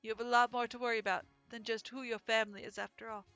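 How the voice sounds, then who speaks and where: A woman voicing a calm, laid-back young male pigeon student in a dating game, speaking gently. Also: a little high, fast talker, no room sound, highs cut off, soft background music. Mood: gentle farewell.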